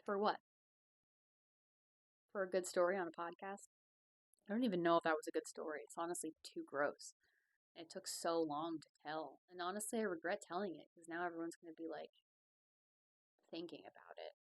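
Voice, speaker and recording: A woman's voice: fairly low pitch, moderate pace, long pauses, no room sound, poor audio. A young woman hosting a podcast, telling a long story in a rambling, profane, self-mocking way. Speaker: podcast host. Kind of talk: casual solo podcast storytelling.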